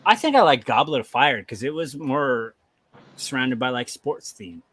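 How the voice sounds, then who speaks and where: A man in his thirties hosting a livestream, telling stories in casual chat with lots of swearing and animated energy. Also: medium pitch, normal speed, slightly rough, no room sound. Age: 30s. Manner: profane, animated storytelling. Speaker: livestream host.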